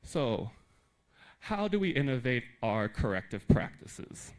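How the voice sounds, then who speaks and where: A man from the United States giving a conference talk to teachers in a lively, emphatic way with joking asides. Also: mid-range voice, takes it slowly, low-quality recording. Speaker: teacher trainer.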